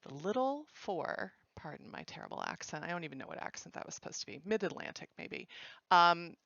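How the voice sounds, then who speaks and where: Woman host with a gravelly voice. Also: deep voice, big pitch swings, fast talker, sharp tone, no echo, lo-fi sound. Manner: chatty, joking, self-correcting. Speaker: livestream host announcing results. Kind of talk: casual live-stream announcing.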